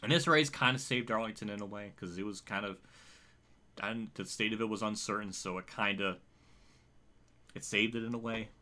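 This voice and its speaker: Man, bright voice, emotional rambling stream commentary, swears freely. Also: fairly low pitch, moderate pace, long pauses. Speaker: racing game streamer.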